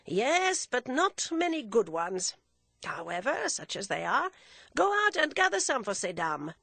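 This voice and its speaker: Woman doing a teasing, ironic gentleman. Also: fairly high pitch, sing-song, measured pace, vocal fry, no echo, pitched above the performer's own voice, heavily acted. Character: urbane, teasing middle-aged gentleman father.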